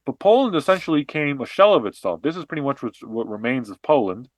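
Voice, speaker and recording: A man co-hosting a podcast talks through history and politics in a lively, explanatory way. He often restarts his sentences and drops in fillers. His voice sits at a middle pitch and sounds dry and close to the mic. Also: fast, dry recording. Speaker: podcast co-host. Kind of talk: casual political discussion.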